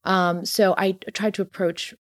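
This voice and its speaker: A woman's voice: mid-range voice, flat delivery, normal speed, no echo, studio quality. A woman author talking animatedly in an interview, full of "you know" and "like", acting out quotes as she tells stories. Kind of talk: casual interview chat.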